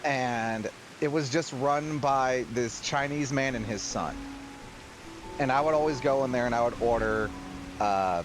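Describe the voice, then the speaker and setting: A man with a mid-range voice recounts a story in relaxed conversation with friends. Music plays clearly behind him. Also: mid-range voice, unhurried, poor audio. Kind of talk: casual storytelling chat.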